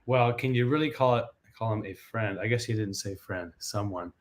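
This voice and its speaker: A man's voice: fairly low pitch, normal speed. A man hosting a live legal Q&A show, who reads viewer questions aloud and answers them with jokes. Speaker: patent attorney host.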